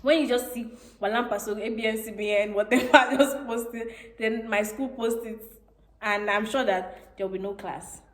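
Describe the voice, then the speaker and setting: A woman's voice: on the high side, fairly even intonation, moderate pace. A young woman from Nigeria hosting a casual chat and laughing often. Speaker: vlogger host. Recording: echoey room.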